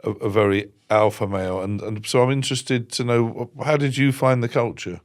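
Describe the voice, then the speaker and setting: A man's voice: mid-range voice, steady tone, fairly quick. A man in his sixties hosting a podcast, chatting casually in a rambling, jovial way with frequent restarts. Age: 60s. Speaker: podcast host. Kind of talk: casual interview conversation.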